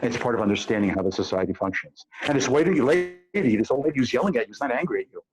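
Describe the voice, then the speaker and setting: A man's voice: mid-range voice, animated, racing, a little hiss or hum, rough recording. A man speaking as an expert on a panel, explaining through vivid everyday examples with frequent hesitations. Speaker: panel expert on immigration to Israel. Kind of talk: panel discussion talk. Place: based in Israel.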